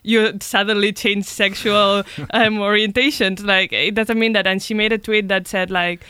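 A woman's voice: mid-range voice, steady tone, moderate pace, pushed and bright, clean tone. A woman co-hosting a podcast, speaking earnestly and thinking aloud in casual chat. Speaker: podcast co-host.

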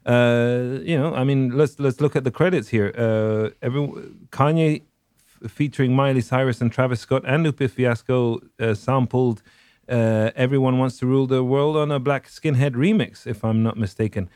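Guy rambling on a podcast, lots of ums, mid pitch, dry close sound. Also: steady tone, normal speed, darkish tone, clean tone, no echo. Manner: rambling, full of fillers and restarts. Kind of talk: casual chat.

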